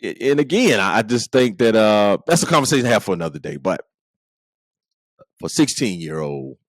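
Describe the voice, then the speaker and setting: A man's voice: fairly low pitch, big pitch swings, normal speed. A middle-aged man hosting a podcast, joking through a comedic monologue with playful asides and frequent laughter. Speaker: podcast host.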